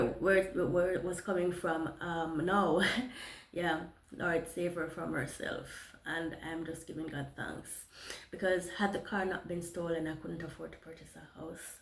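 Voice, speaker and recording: Woman telling a personal story, echoey room. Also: lowish voice. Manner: animated retelling with many restarts and quoted dialogue. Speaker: motivational storyteller. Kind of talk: personal testimony.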